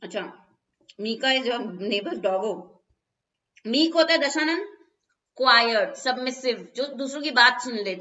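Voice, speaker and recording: A woman's voice: on the high side, bright, forceful tone, highs cut off. A young Indian woman teaching English vocabulary in a live online class, explaining word meanings step by step and slipping into Hindi. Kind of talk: live online exam-prep lesson. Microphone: phone.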